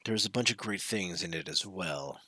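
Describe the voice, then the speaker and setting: A man's voice: low voice, moderate pace, pushed and bright, breathy edge, dry recording. A man hosting a casual reaction video, talking straight to his viewers and now and then dropping into a whisper. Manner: chatty, addresses viewers directly, sometimes drops to a whisper. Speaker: video host reacting to a web series.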